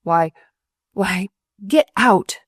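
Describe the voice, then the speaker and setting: A woman's voice: medium pitch, slow, no room sound, clean studio sound, close to an everyday voice. A woman voicing a heavy, irritable older male surgeon in an audiobook, grumbling and sputtering indignantly. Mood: startled.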